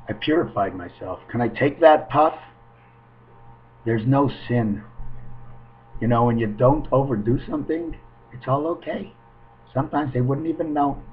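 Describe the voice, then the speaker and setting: A man talking straight into a webcam at home, rambling from one thought to the next. His voice drops to low murmurs and then jumps to loud bursts. The webcam audio sounds dull and muffled. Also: slightly rough. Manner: rambling, free-associating, swings between murmuring and loud outbursts. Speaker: webcam vlogger. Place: at home, indoors.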